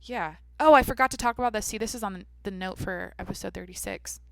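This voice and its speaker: A woman's voice: medium pitch, fast, vocal fry, fairly bright tone, no echo. Candid young woman hosting a podcast. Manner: rambling, candid, swears casually. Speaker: podcast host. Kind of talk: casual solo podcast chat. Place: small home studio. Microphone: studio microphone.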